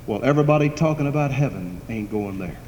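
A man's voice: mid-range voice, lively intonation, quick pace, darkish tone. A man preaching a sermon, building emphatic repeated phrases in a preacher's cadence. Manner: preacherly, repetitive cadence, rising to emphatic declarations. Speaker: pastor. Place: church sanctuary. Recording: echoey hall, faint background hiss.

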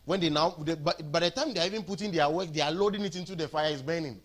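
Man, Ghanaian accent, church sermon, animated, fairly high voice. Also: racing. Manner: animated, switches between English and Twi, acts out voices with laughter. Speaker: apostle preaching to a church.

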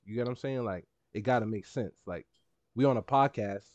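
A man's voice: on the low side, a little fast, darkish tone, dry recording, dull audio. A man co-hosting a podcast, telling a story in casual banter, emphatic and heated, with swearing and laughter. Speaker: podcast co-host.

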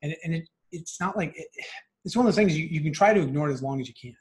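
A man's voice: a little high, lively intonation, darkish tone. A man in his thirties talking casually and earnestly about personal choices, often restarting his sentences. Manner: earnest, reflective, quick with frequent restarts. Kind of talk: casual podcast conversation.

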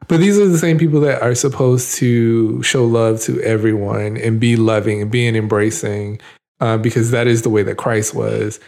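Male co-host, mid pitch, sassy and exasperated, punchy asides. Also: fairly even intonation, normal speed, creaky, darkish tone. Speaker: podcast co-host. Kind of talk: casual podcast chat.

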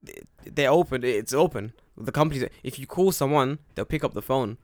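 A young man chatting on a podcast, telling a story with lots of swearing and little acted-out voices for the people in it. His pitch sits in the middle, and the recording is dry and close. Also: fairly quick, few pauses, no room sound. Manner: animated, profane, acts out quoted dialogue. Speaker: podcast co-host. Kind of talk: casual storytelling chat.

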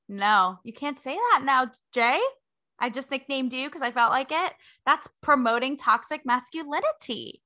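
A young woman reporter hosting her own show, talking to camera in a sarcastic, animated way and laughing between points. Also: sits high, unhurried. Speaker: reporter and host. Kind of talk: opinionated talk to camera.

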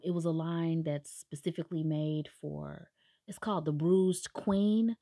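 A woman with a low voice gives a casual, chatty recap of a book. She drops sarcastic asides and briefly acts out what the characters say. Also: dark tone. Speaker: book reviewer.

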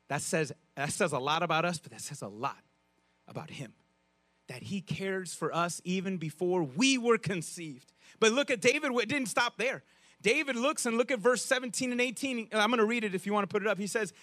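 A man preaching a sermon in a conversational, animated way, with frequent restarts and asides to the congregation. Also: high voice, moderate pace, dry recording. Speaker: pastor.

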